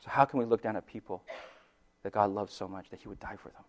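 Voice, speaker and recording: A man preaching a sermon as pastor, casual and conversational, often checking in with "right?" and laughing, swinging between soft and emphatic delivery. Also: lowish voice, quick pace.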